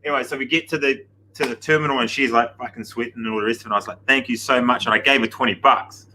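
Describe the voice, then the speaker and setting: A man, chatting casually and telling a rambling, animated anecdote on a breakfast show. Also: mid-range voice, very fast, a little hiss or hum, low-quality recording. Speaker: gym coach on breakfast show. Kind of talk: casual storytelling banter.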